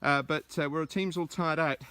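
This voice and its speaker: Male presentation coach, walking vlog outdoors, fairly high and bright tone, chatty, pokes fun at himself. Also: fairly even intonation, normal speed, a little hiss or hum. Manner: chatty and self-deprecating, with frequent "uh" fillers. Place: outdoors in the countryside.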